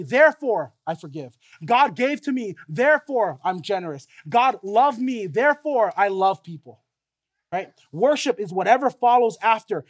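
A young man preaching a sermon as a pastor, emphatic and conversational, checking in with "right?" and "okay?". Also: high voice.

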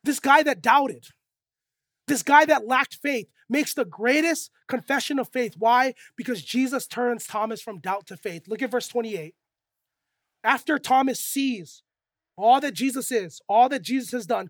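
Lively, chatty preacher. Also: medium pitch, no room sound. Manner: lively, conversational, checks in with "right?" and "okay?". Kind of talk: sermon to a young audience.

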